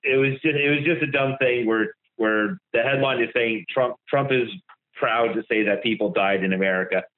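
A man's voice: mid-range voice, moderate pace, narrow, tinny audio. A man co-hosting a podcast, chatting casually, hesitant and giggly, with lots of ums. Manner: giggly, hesitant, full of fillers. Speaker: podcast co-host. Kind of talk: casual chat.

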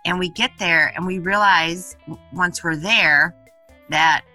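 A woman host casually telling a funny travel story, animated and laughing, with many filler words and frequent swearing. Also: lowish voice, unhurried, far from the mic, faint music behind.

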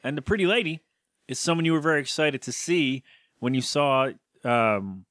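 A man's voice: medium pitch, animated, normal speed, fairly bright tone, no room sound, studio quality. A man co-hosting a podcast, chatting casually and jokingly about a TV episode, rambling with lots of fillers. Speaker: podcast co-host. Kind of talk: casual chat recapping a TV episode.

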